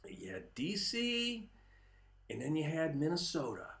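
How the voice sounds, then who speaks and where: A fairly high-voiced man holds forth in a political commentary monologue. He talks emphatically and now and then rises into a shout. His voice rings around an echoey room. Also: huge pitch swings, a little slow, gravelly. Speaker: host. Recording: roomy echo.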